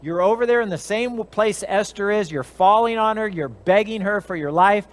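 A man with a notably high voice preaches in a relaxed, conversational way. He retells scripture with animation, slipping briefly into the characters' voices as he goes. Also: moderate pace. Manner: animated storytelling, briefly acting out characters' lines. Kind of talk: conversational Bible teaching.

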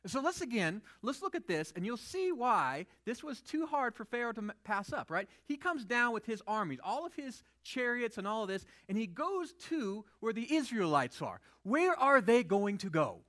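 A man's voice: very high-pitched, big pitch swings, normal speed, hardly any pauses, fairly bright tone. A male pastor preaching a sermon in a conversational way, often asking the audience rhetorical questions.

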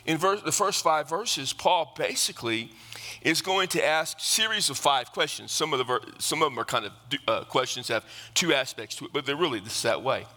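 Emphatic male preacher, bright voice. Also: on the high side, moderate pace, in a large hall. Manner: emphatic, rises to excited preaching. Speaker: pastor. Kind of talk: sermon.

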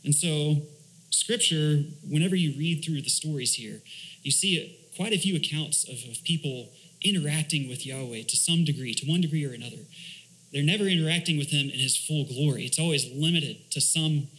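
A young man preaching in a relaxed, conversational way, with a bright, forceful tone set a little high. He often pauses on fillers and restarts his sentences as he teaches a church group. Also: low-quality recording. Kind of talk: casual conversational sermon.

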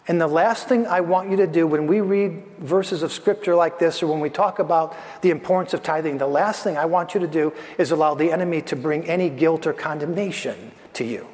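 A man's voice: high-pitched, a little mellow, big-room sound. A man preaching a sermon as pastor, earnest and building his points through repeated phrases.

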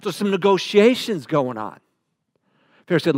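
A man preaching a verse-by-verse Bible sermon, animated and full of rhetorical questions, dropping from loud to hushed. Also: a little high, moderate pace, dry recording, studio quality.

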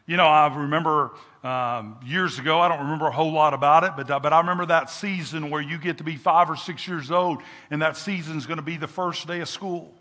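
Pastor preaching, high bright voice. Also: male voice, steady tone, fairly quick, hardly any pauses. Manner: preaching cadence, repeats words for emphasis, call and response. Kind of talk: sermon. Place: church sanctuary with congregation. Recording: echoey church hall.

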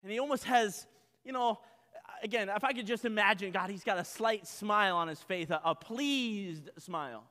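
A man preaching a sermon in an animated, conversational way, joking with his congregation. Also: high voice, moderate pace, long reverb tail. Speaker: pastor.

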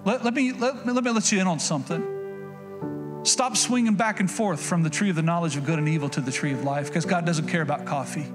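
Folksy preaching man over loud music. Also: on the high side, a little fast. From Oklahoma. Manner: folksy, conversational preaching with repetitions and acted-out quotes. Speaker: pastor. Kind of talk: sermon.

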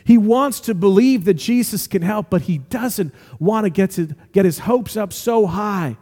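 A man preaching a sermon as pastor, lively and acting out the voices he quotes. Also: high voice, a little slow, long reverb tail. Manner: animated, acts out quoted voices.

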